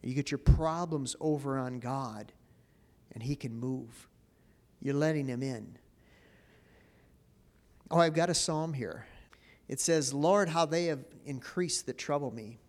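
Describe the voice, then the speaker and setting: Slow-paced and darkish in tone, this man's medium-pitched voice leaves long pauses as he preaches a conversational sermon. The pastor frequently asks the congregation questions and repeats words along the way.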